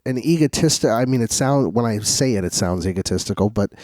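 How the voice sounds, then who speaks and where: A man's voice: on the low side, lively intonation, fairly quick, a little mellow, dry recording. A young man co-hosting a podcast, rambling through a story and acting out quoted lines in casual chat. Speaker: co-host.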